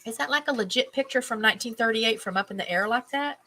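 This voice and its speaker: A woman's voice: on the high side, fast, sharp tone, rough recording. A woman hosting a casual stream, reading items aloud, tripping over names, and adding chatty musing asides. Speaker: host.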